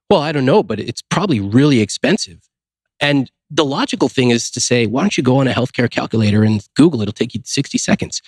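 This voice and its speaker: This American finance author, a podcast guest, has a mid-range voice captured in a dry, clean studio recording. Over a casual interview he tells stories, performs the lines of quoted dialogue, and keeps throwing out rhetorical questions.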